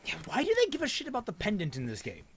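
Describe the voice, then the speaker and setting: A man's voice: high-pitched, rapid-fire. A man streaming a horror game, commenting casually and swearing at the game. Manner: swears loudly at the game, animated. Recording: loud background noise.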